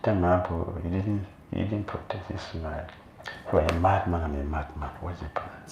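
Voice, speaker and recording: A man monk giving a sermon as an animated storyteller, recorded in a temple hall. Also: sits low, moderate pace, lo-fi sound. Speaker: monk preacher. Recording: echoey room, faint noise.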